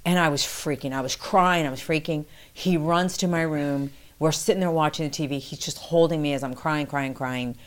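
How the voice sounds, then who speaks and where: A woman recounting a past experience in conversational storytelling, acting out quoted dialogue with animated pitch jumps. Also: normal speed, few pauses. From New York City.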